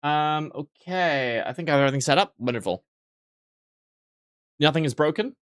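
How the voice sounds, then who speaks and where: A man's voice: on the high side, normal speed, clean tone, dry recording, studio quality. A man streaming a video game, rambling in casual commentary, swearing freely and poking fun at himself.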